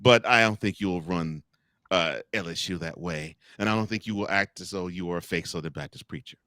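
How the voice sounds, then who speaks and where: A sports talk host with a low, brisk voice leads a college football talk segment, recorded with no echo. He's animated and joking, speaking directly to the coaches and officials he's discussing.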